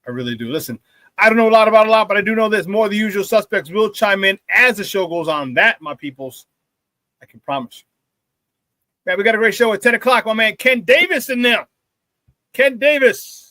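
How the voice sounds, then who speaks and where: A man hosting a morning sports talk show, chatting casually with hype-man energy, greeting viewers and shouting out the chat. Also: high-pitched, animated, brisk, dry recording.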